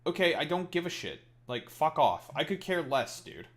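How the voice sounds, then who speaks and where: A man's voice: fairly high pitch, big pitch swings, normal speed. A man streaming a game live, talking casually and ranting profanely at his chat.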